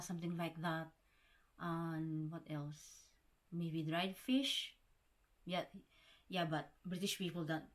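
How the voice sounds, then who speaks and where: A woman's voice: lowish voice, a bit bright. A woman from the Philippines chatting casually to camera as a vlogger, calling her viewers guys and often restarting words. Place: home in the Scottish Highlands.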